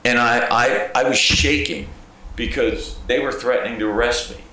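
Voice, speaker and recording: A man's voice: medium pitch, normal speed. A man, a county clerk of court, giving a presentation to a village council, telling stories and acting out phone calls in a conversational, emphatic way. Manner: animated storyteller, acts out phone calls and quotes; conversational, repeats "okay?" for emphasis. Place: council chamber. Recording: very echoey council chamber.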